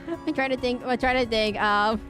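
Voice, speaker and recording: Woman streamer, chatty, rambling, fairly high voice, faint music behind. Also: a little slow. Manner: chatty, rambling, self-questioning. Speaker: streamer playing a horror game. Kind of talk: let's play commentary and reading aloud.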